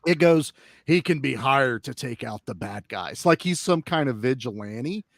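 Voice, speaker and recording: A man's voice: mid-range voice, lively intonation, normal speed, vocal fry, no room sound, studio quality. A man co-hosting a casual film discussion, enthusiastic and rambling, often restarting his sentences. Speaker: podcast co-host.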